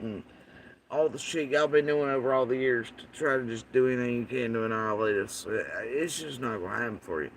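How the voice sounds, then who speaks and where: A man's voice: medium pitch, a bit bright, a little hiss or hum. A man hosting a livestream, ranting angrily and profanely, mocking his critics in sarcastic quoted voices. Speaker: livestream host. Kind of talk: angry livestream rant. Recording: voice somewhat far from the mic.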